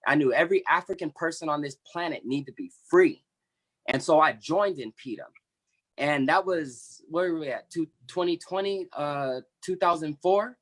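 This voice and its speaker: His voice leans high and a bit bright as this thirty-something man, a membership coordinator for an activist group, tells his personal story to an online panel. He is earnest and impassioned, stumbling into restarts along the way.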